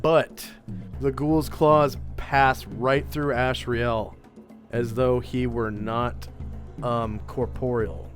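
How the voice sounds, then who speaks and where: A man narrating a tabletop game as game master, in a measured, unhurried way with fillers. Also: medium pitch, steady tone, soft background music.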